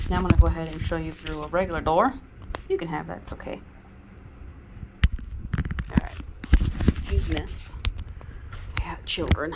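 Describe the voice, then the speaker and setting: A woman dog trainer explaining training at home in a chatty way, bursting into high-pitched praise for her dog. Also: normal speed, pauses often, background noise. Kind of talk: casual instructional video. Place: home, indoors. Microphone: camera mic.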